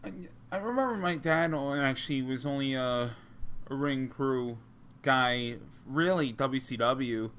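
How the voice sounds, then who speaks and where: Unhurried and rambling, this New Jersey-accented co-host spins wrestling-business stories, restarting often and leaning on fillers in casual podcast chat. His voice is mid-range and a bit bright, with slight background noise.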